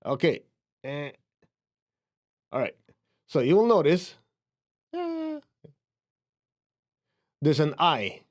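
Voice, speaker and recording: A man's voice: fairly high pitch, huge pitch swings, very slow, long pauses. Chinese-accented man teaching spirituality. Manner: conversational, chuckling, shows a book to camera. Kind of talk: casual teaching talk to camera.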